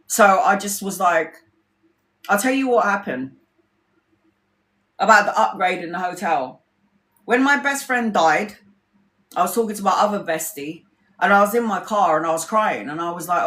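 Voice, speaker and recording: A woman's voice: fairly low pitch, expressive, moderate pace, fairly bright tone. A woman tarot reader telling stories in a casual livestream, candid and rambling, swearing freely. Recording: roomy echo.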